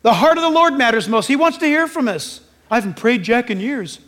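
A man's voice: extremely high pitch, fairly quick, in a large hall. A pastor preaching a sermon to his church, telling stories and acting out voices along the way. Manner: animated storytelling, acting out voices.

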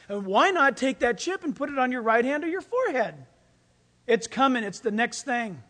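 A man preaching a sermon, telling personal stories in an animated, storytelling way and chuckling mid-sentence. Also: extremely high pitch. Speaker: pastor.

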